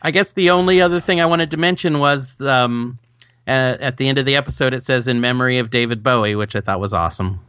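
A man co-hosting a podcast, casually discussing a TV episode, relaxed and a bit profane. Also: mid-range voice, quick pace, clear, resonant tone, no echo. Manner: loose, swears casually, frequent "right" and "yeah". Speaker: podcast co-host. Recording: dull lo-fi dry sound.

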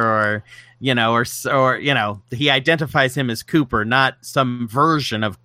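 Bright-voiced man in halting chat. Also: medium pitch, no room sound. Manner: halting, many restarts and fillers. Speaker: podcast co-host. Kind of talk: casual chat.

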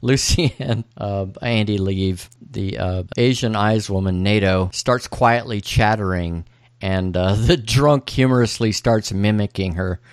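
A man co-hosting a podcast, casually recapping a TV episode with frequent chuckles and halting restarts. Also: fairly low pitch, clear, resonant tone, dry recording, studio quality. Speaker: podcast co-host.

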